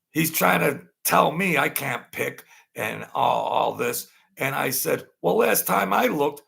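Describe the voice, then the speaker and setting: A man telling street stories in a rambling, halting way, often stammering and acting out other people's voices. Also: lowish voice, gravelly, bright, forceful tone. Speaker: channel host telling mob stories. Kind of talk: casual storytelling monologue.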